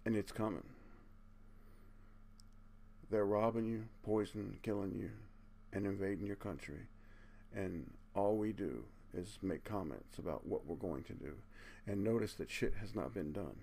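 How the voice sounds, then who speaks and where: A man with a gravelly, low-pitched voice delivers an impassioned monologue to his viewers. He sounds earnest and preachy, keeps tacking "man" onto his sentences and curses without holding back. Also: measured pace, long pauses, dark tone. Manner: blunt, curses casually. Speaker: video channel host.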